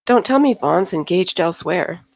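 A woman's voice: on the low side, animated, moderate pace, gravelly, no room sound. A woman reading as a chatty, clucking noblewoman.

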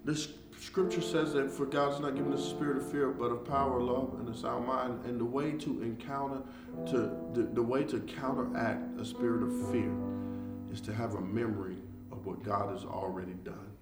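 Man preaching over soft guitar. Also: medium pitch, fairly even intonation, moderate pace, recorded from a distance. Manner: builds from soft, reflective talk to loud, fervent preaching with repetition. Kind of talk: online devotional sermon. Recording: echoey room, off-mic, guitar music behind. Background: soft guitar music.

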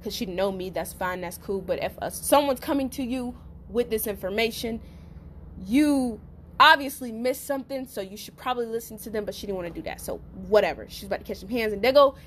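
A woman's voice: a little high, a little fast, slight background noise. Fiery, profane woman storyteller. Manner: profane, animated, acts out quotes; addresses listeners as y'all. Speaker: podcast host. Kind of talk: casual storytelling monologue.

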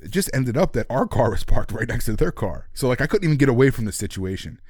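Talking fast in a sing-song, medium-pitched voice with a darkish tone, a Philadelphia-area podcast co-host laughs through a story, voicing the people he quotes. The audio is studio quality with no room sound.

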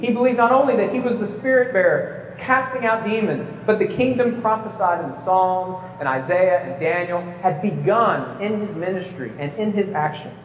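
Before a live audience, a high-voiced man presents an emphatic prepared debate speech, lecturing while occasionally stumbling and cracking light jokes. The sound is slightly dull, with a little hiss or hum, from a distant mic in an echoey hall.

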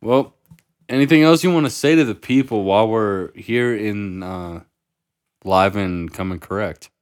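Male podcast co-host, lowish voice, relaxed playful banter, stammers through restarts. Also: measured pace, smooth.

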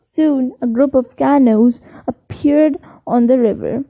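Woman storybook narrator, high-ish, unhurried, dull lo-fi sound. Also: creaky, dry recording. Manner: slow, careful reading. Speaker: audiobook reader. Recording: dull dry lo-fi recording.

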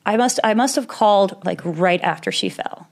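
A woman's voice: medium pitch, normal speed, gravelly. Young woman candidly telling a story. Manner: candid, rambling, with nervous laughs and swearing. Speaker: guest telling a personal story. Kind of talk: casual conversation.

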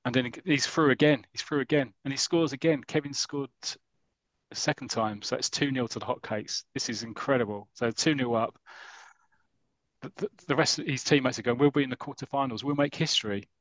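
Retelling an old comic story in a casual chat, a podcast host from the United Kingdom rambles enthusiastically and acts out the characters' dialogue. His mid-range voice is fairly bright, at normal speed, on a dry recording.

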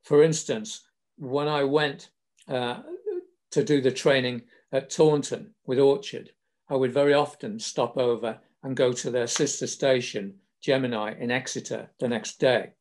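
A man's voice: mid-range voice, fairly even intonation, a little slow, a little mellow. An older man from England hosting a podcast, telling wry anecdotes in a casual storytelling way. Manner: wry, self-deprecating humour. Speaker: podcast host.

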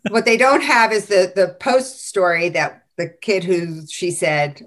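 A woman's voice: lowish voice, measured pace. Laughing woman host telling classroom stories. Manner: lively storyteller who laughs often. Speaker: teacher podcast host. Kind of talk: casual chat reading teacher stories.

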